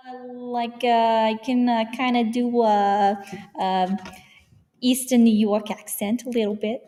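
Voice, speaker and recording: A woman co-hosting a live beer tasting, giggly and quick to laugh. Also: on the high side, flat delivery, mellow, long reverb tail.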